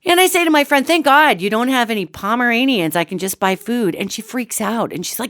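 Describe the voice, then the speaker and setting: Brief: woman host, chatty storyteller, lively swooping pitch, dry close sound. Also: brisk, few pauses, dry recording. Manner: animated and chatty, addresses listeners as gang. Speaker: radio show host. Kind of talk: casual anecdotal storytelling.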